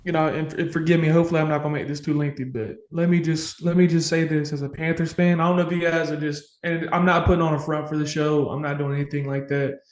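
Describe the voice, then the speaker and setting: A man's voice: on the high side, little pitch movement, fast, few pauses. Passionate swearing man in an echoey room. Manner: passionate, emotional, swears freely. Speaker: podcast co-host. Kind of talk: casual sports podcast chat. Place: home room full of memorabilia.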